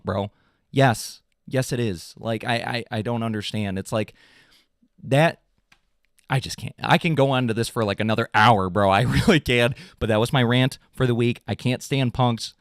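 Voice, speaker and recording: A young adult man, a podcast host, ranting in an animated, casual, swearing way. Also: no echo, studio quality. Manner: animated, swearing, mocking voices in high pitch. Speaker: drummer in a pop punk band. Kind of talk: casual comedic rant.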